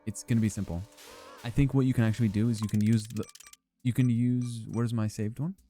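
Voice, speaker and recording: A man's voice: medium pitch, fairly even intonation, a little fast, dark tone, faint music behind. A young man casually commenting on his gameplay as he chats with viewers, joking and swearing freely. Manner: joking, profane, chatting with viewers. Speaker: streamer.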